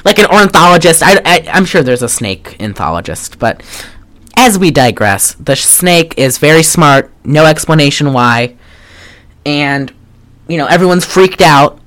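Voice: mid-range voice, lively intonation, unhurried, a bit bright. A podcast co-host recapping a film in casual chat, rambling with lots of "like" and wry, sarcastic asides. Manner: trails off and restarts often.

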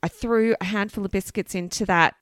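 Woman podcast host, chatty storyteller, lots of swearing and laughing, bright voice, dry close sound. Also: mid-range voice, fairly even intonation, brisk, dry recording. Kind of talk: casual chat, true-crime storytelling.

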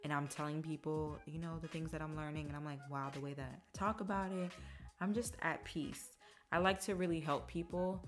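A woman's voice: sits low, brisk. A young woman hosting a podcast, talking casually and emotionally about her life and acting out what others said. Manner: chatty, emotional, quotes others in animated voices. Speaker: podcast host. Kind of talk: casual personal monologue. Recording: faint music behind.

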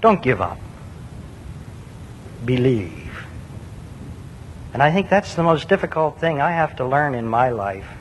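A man's voice: sing-song, measured pace, pauses often. A man preaching a sermon, earnest and emphatic, with rhetorical questions and repeated words. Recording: long reverb with faint low rumble.

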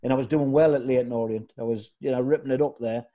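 The audio is dull, but this medium-pitched man talks fast through his football tales. As a former player on as a guest, he keeps the chat casual, telling lively anecdotes and performing other people's shouts.

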